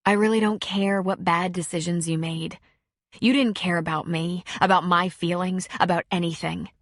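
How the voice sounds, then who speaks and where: A woman's voice: lowish voice, fairly even intonation, moderate pace, no room sound, studio quality. A woman reading an audiobook, voicing a hurt young woman who answers her ex sarcastically and with indignation. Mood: angry. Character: young woman, angry and hurt, sharp-tongued.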